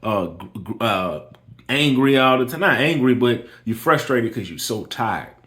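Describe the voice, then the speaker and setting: An emphatic man in a medium-pitched voice, talking earnestly to the camera about his own business. He repeats himself for emphasis and keeps urging the listener to listen as he tells a story. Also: expressive, measured pace, fairly bright tone. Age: adult with kids. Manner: storytelling with quoted dialogue. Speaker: lawn care business owner. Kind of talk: motivational personal talk.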